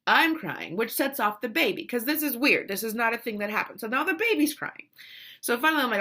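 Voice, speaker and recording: Slightly high and slightly fast, this mother in her thirties tells a family story with casual emotion. She's animated and restarts a lot, often quoting what others said.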